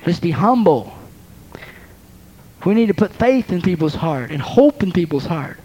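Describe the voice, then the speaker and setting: A woman's voice: fairly low pitch, very animated, warm tone, slightly rough, muffled recording. Woman preacher exhorting a congregation. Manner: exhorting, with repeated words and quick restarts. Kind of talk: sermon.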